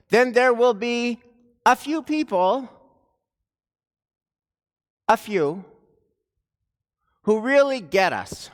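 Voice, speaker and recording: Man, rabbi, sermon, high clear voice, reverberant sanctuary. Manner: slow, deliberate storytelling with dramatic pauses. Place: synagogue sanctuary. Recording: long reverb of a large sanctuary.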